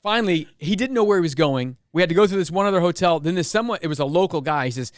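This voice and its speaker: A man's voice: fairly high pitch, animated, rapid-fire, dry recording, clean studio sound. A man hosting a podcast, rambling through a story with plenty of swearing. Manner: rambling, swears, reads timestamps aloud. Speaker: podcast host. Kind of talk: casual podcast chat.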